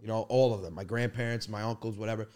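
A man in his thirties, a comedian telling funny family stories on a podcast, animated and laughing as he talks. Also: lowish voice, quick pace. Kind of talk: comic storytelling.

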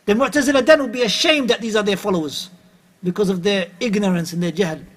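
A man's voice: high voice, fast talker. A middle-aged man giving an Islamic lecture, emphatic and repeating his points. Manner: emphatic, repeats phrases, uses Arabic terms. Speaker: Islamic preacher.

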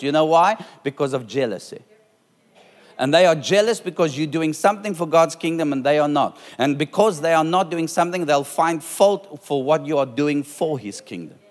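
With a long reverb from the surrounding church hall, a middle-aged pastor delivers an emphatic sermon to his congregation. His slightly high male voice builds in force as he repeats phrases to drive every point home.

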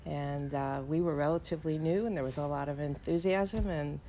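An older woman answering interview questions at home, measured and thoughtful with frequent pauses. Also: deep voice, fairly even intonation, mellow, a little hiss or hum, rough recording. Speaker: interview guest, energy executive. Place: living room of her home.

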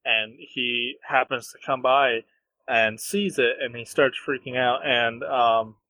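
A young man co-hosting a podcast, chatting casually and retelling a story in a halting way, full of fillers. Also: mid-range voice, fairly even intonation, sharp tone, dry recording, low-quality recording. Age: young adult. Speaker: podcast co-host. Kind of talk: casual chat.

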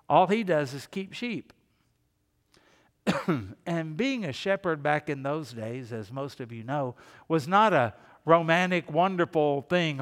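Preaching man with a higher voice. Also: animated, unhurried, long reverb tail. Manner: storytelling preacher who acts out quoted characters. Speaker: pastor. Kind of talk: sermon.

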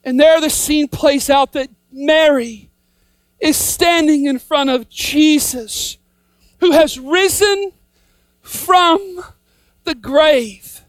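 A woman preaching a sermon, repeating a refrain with rising emphasis and sometimes shouting. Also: high voice, slow, no room sound.

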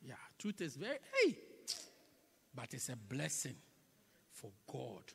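A male preacher delivering a sermon in a church, swinging between loud emphatic cries and hushed whispers and repeating phrases in a call-and-response rhythm. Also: mid-range voice, very animated, a little slow, gravelly, husky, long reverb tail. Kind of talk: sermon with congregational prayer.

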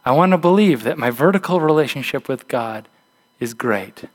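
A man's voice: medium pitch, animated, moderate pace. A man, a pastor, preaching a conversational, emphatic sermon, often restarting his words.

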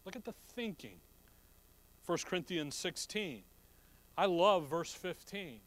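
High-voiced folksy preacher man. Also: lively intonation, takes it slowly, a bit bright. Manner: folksy, conversational preaching with rhetorical questions. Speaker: pastor. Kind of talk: sermon.

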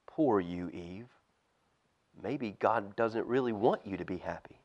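A man, a pastor, reading a storybook aloud to children in church with expressive, animated storytelling. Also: lowish voice, slow pace. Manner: expressive storytelling, lively swings in loudness.

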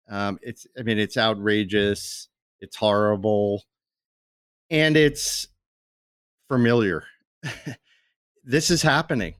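Smooth slow-talking male host. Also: medium pitch, dry recording, clean studio sound. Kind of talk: political discussion.

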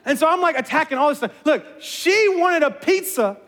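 A man, a pastor, giving a sermon as an animated, self-mocking storyteller. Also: very high-pitched, normal speed. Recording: long reverb of a large hall.

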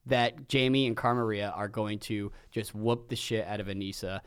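A man's voice: on the low side, fairly even intonation, normal speed, clean tone. A man co-hosting a casual comedy podcast, talking profanely and jumping into mocking impressions as he recaps a reality show. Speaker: podcast co-host.

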